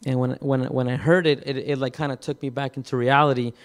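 A man preaching, telling a personal story in a halting way, with many repeated words and restarts. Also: medium pitch, level tone. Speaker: pastor. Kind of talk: sermon testimony.

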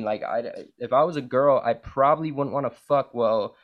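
A man's voice: mid-range voice, expressive, fairly quick, few pauses, highs cut off. A young man hosting a podcast, in crude casual chat, rambling and swearing, with "like" and "bro" in nearly every sentence. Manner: rambling, profane, says "like" and "bro" constantly. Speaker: podcast host.

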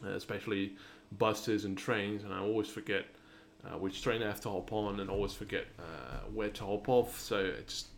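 A man's voice: lowish voice, moderate pace, vocal fry, hardly any pauses, slight background noise. A young man with a British-leaning accent, hosting a solo podcast and rambling with many restarts and fillers. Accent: British-leaning English, non-native. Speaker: podcast host.

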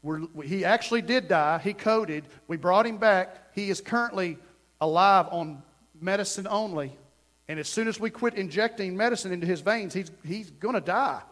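A man preaching a fervent sermon as pastor, dropping to a hush and then rising to shouts. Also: high-pitched, moderate pace. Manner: fervent, swings from hushed to shouting.

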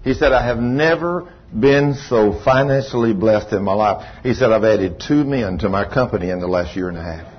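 A man's voice: on the low side, moderate pace, hardly any pauses, slightly rough, muffled recording. A man preaching a sermon, telling stories with laughter and folksy phrasing. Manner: animated, laughing storyteller with folksy Southern phrasing. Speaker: pastor. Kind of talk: sermon storytelling.

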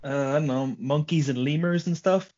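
Male podcast host, a touch high-pitched, loose, profane, jokey; dull lo-fi sound. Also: normal speed, a little mellow. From Ireland. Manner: loose, swears freely, jokey. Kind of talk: casual podcast interview.

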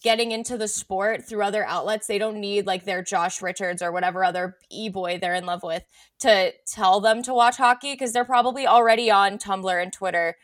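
Chatting casually as a podcast co-host, this woman wanders from point to point, leans heavily on "like" and lets her thoughts trail off unfinished. She speaks briskly at a medium pitch, captured in a dry, studio-quality recording.

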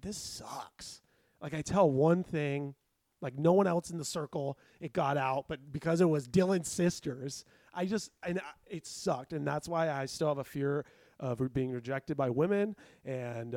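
A young man telling a story in casual chat, animated and laughing often as he acts out quotes. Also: on the high side, moderate pace, no echo, clean studio sound. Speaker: podcast co-host.

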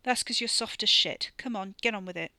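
A woman's voice: mid-range voice, fairly quick, pushed and bright, no room sound. A woman reading the part of a laconic young man, giving curt, offhand replies.

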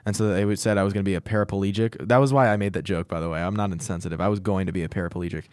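Young guy rambling thru a story on a podcast, lowish voice, dry sound. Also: fairly even intonation, rapid-fire, a little mellow, dry recording. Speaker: podcast co-host. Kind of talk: casual chat.

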